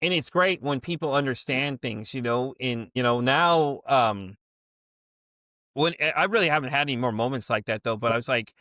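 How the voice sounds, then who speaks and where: A man hosting a podcast interview, telling a story in a rambling, animated way with many restarts. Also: mid-range voice, normal speed, dry recording, clean studio sound. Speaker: podcast host. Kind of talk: casual interview chat.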